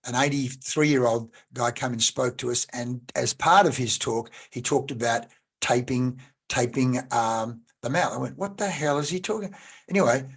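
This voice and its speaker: A man, hosting a casual interview and telling lively anecdotes. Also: mid-range voice, breathy edge. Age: 60s. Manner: chatty, animated anecdotes. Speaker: podcast host.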